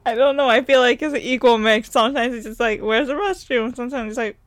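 A woman's voice: on the high side, fast talker. A woman co-hosting a podcast, telling stories in casual chat with a giggly manner. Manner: giggly, animated storytelling. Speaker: podcast co-host.

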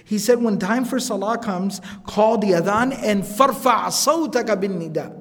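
A man teaching a recorded religious lecture, speaking conversationally, reciting Arabic quotations quickly and often checking in with "right?". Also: high-pitched, a bit bright. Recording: lecture hall with long reverb.

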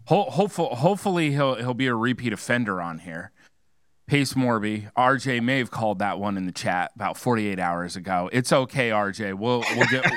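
A man's voice: on the low side, animated, moderate pace, a bit bright, smooth, no room sound, studio quality. A man hosting a debate show, announcing results in a joking way. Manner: joking, wrapping up. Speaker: host.

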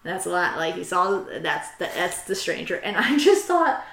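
Animated woman retelling an eerie story. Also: fairly low pitch, normal speed, creaky. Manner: animated retelling, reads quotes aloud. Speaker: host. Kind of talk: casual storytelling chat. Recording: roomy echo.

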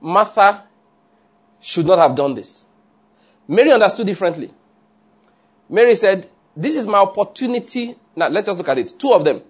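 A man preaching a sermon in an animated way, often checking with his listeners. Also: high voice, normal speed, long pauses, husky. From Nigeria. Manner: animated, asks the audience often.

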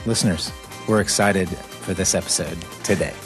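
Young guy co-hosting a podcast, lowish voice, rambly and loose. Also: moderate pace, soft background music. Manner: relaxed, rambling with fillers and restarts. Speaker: podcast co-host. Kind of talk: casual chat. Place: living in the North Caucasus.

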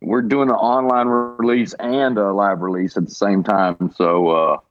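A man's voice: fairly low pitch, little pitch movement, measured pace, soft background music. A man chatting as a podcast guest, laid-back and swearing freely, laughing as he tells how his small press began. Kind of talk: casual chat. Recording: dull lo-fi sound.

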